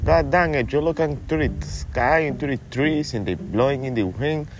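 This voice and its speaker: A man voicing an excitable rambling stoner buddy who tags "man" onto almost every phrase, talking outdoors in a backyard. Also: on the high side, normal speed, noisy background, voice pushed up, natural voice. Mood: excited.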